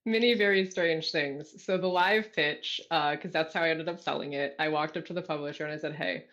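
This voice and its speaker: An author from California talks over a video call, telling stories in an animated, self-deprecating way and laughing often. The audio sounds dull and lo-fi, with a middling voice. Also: medium pitch, fairly quick. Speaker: guest author. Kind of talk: casual interview storytelling.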